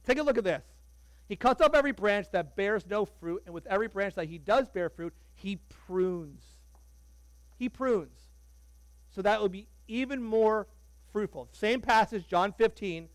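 A man preaching a sermon as pastor, animated and conversational, joking with the congregation. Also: high voice, a little slow, no echo, low-quality recording.

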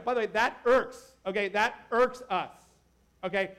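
Male pastor with a high voice; animated, joking, conversational preaching. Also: moderate pace. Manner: animated, joking, talks to the crowd with asides. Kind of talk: casual conversational sermon.

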